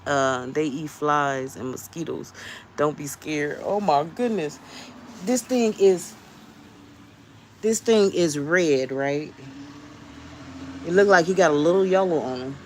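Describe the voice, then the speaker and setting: Chatty woman with a low voice, vlogging. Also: takes it slowly, pauses often, slight background noise. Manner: rambling, chatty, laughs often. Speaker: vlogger talking to viewers. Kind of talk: casual storytelling chat. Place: outdoors in a home garden.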